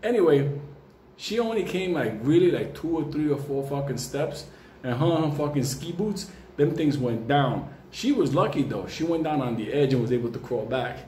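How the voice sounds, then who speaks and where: A man tells a comic story, swearing freely and breaking into laughter. His voice sits a little high for a man. The room is echoey, with a faint murmur of ambience behind him. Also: normal speed, a little hiss or hum. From New York. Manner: profane, animated, laughs often.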